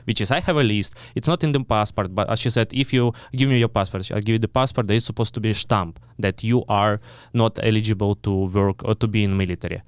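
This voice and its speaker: A man's voice: lowish voice, fast talker, few pauses, clean tone, dry recording. A man in his thirties with a Ukrainian accent and broken English, telling a story as an interview guest, blunt and swearing often, acting out the people he quotes. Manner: broken English, frequent restarts.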